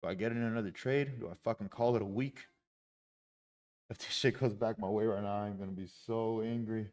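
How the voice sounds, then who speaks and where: A man's voice: lowish voice, fairly even intonation, a little fast, darkish tone. A man live-streaming his day trading, talking through his trades with heavy swearing and frustrated outbursts.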